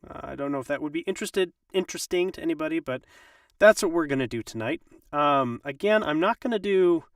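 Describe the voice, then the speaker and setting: A man's voice: on the high side, animated, brisk, dry recording, clean studio sound, recorded from a distance. A male voice actor, a little under the weather, explaining audiobook production in a casual live-stream tutorial full of ums and restarts. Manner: rambling, with many ums and restarts.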